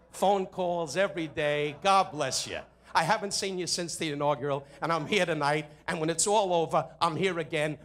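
A man at a benefit dinner in a hotel ballroom, delivering an insult comedy roast in rapid jabs and mock-sincere asides into a podium microphone. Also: on the high side, fairly bright tone. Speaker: comedian roasting the guest of honor.

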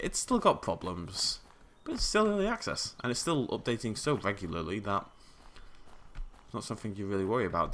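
A man giving casual, jokey commentary over a survival game, prone to sudden startled yelling. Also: lowish voice, a little hiss or hum. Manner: chatty, jokey, yells when startled. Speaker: gaming YouTuber.

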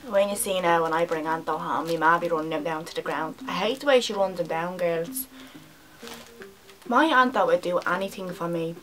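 A woman playing a brash young Dublin woman with a Dublin accent, telling a loud, sweary story to her friends in a comedy monologue. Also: lowish voice, normal speed, faint music behind, lightly acted, rough recording. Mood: gushing.

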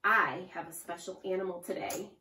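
A woman teaching a preschool lesson to young children, with a slow, sing-song and exaggerated teacher delivery. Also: lowish voice, bright, forceful tone, slight background noise. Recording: echoey room, far from mic.

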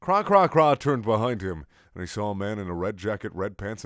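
A man's voice: lowish voice, lively intonation, moderate pace, few pauses, no room sound, clean studio sound. A man doing a comic dramatic reading of a fanfic, mock-solemn with incredulous asides. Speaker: fanfic reader.

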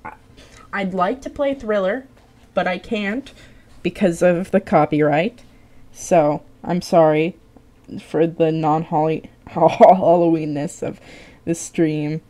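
A woman's voice: on the low side, takes it slowly, warm tone. A tired young woman streaming live, chatting casually while she draws, rambling, swearing and poking fun at herself.

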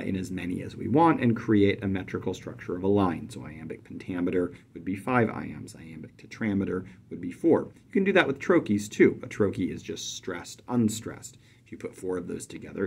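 A man teaching a lesson on poetic meter, speaking in a measured way and stressing syllables clearly. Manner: measured, emphatic on stressed syllables, drops to soft low voice when reciting. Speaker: poetry teacher. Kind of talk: explanatory lesson with poem recitation.

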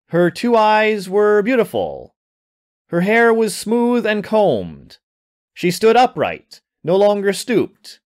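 Man slowly reading a story aloud. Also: high voice. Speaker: author reading his story. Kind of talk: storytelling narration.

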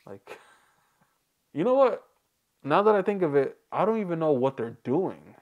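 A man's voice: on the high side, sing-song, measured pace, muffled recording. A man hosting a reaction video, chatting casually, rambling and joking with frequent laughs.

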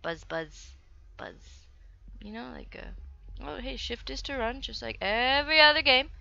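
A woman's voice: sits high, moderate pace, creaky, pushed and bright, no echo, muffled recording. A young woman giving goofy, playful commentary while playing a video game, chatting to herself and the game. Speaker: let's play gamer. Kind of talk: casual gameplay commentary.

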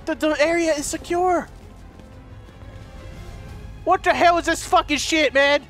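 A man commentating a let's play in a loud, excitable way, shouting and swearing at the game. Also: extremely high pitch, measured pace, long pauses. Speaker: gamer. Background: game music.

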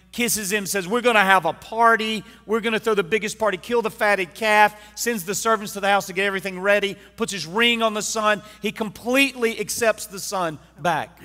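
Bright-toned preacher telling a story. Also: male voice, sits high, big-room sound. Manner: earnest storytelling, personal testimony. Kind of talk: sermon. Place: church.

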